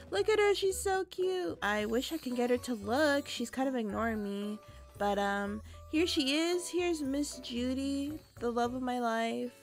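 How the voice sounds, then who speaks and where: A young woman streamer chatting excitedly to her viewers while she plays a game. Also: fairly high pitch. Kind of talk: casual gaming chat.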